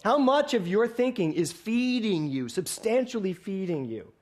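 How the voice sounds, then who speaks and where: A man with a fairly high voice delivers a sermon from a stage. He tells stories with humor and slips into the voices of the people in them. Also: very animated, normal speed, a little mellow. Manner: playful storytelling, acting out dialogue. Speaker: minister. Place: hall, before a congregation.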